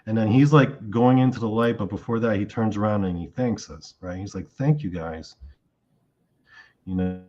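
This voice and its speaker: Male interview guest, lower voice, casual animated storyteller, muffled lo-fi audio. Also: brisk, few pauses. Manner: animated retelling of a dream, acting out his own lines.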